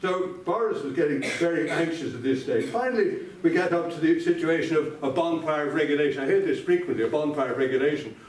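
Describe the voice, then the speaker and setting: An older Irish man gives a sardonic debate speech in a large indoor debating chamber, addressing his opponent directly by name. His voice is on the high side, quick and with few pauses, heard from far off in an echoey hall.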